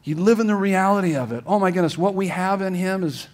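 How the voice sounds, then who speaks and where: A middle-aged male pastor preaching a sermon, emphatic, going from loud urging to soft, hushed lines and often restarting his phrases. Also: high voice, fast talker. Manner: repeats words and restarts phrases. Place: church sanctuary.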